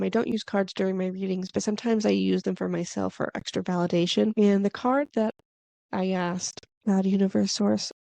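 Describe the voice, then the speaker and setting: A woman's voice: mid-range voice, vocal fry, dark tone, no echo. A woman hosting a podcast about spirituality, telling her story in a chatty, meandering way with lots of "like" and "kinda". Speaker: podcast host. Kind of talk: casual spiritual podcast monologue.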